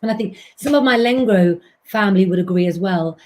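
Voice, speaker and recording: Brief: woman, live-stream astrologer doing tarot readings, warm chatty delivery, talks straight to viewers. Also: mid-range voice, brisk. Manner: chatty, keeps addressing viewers as "guys".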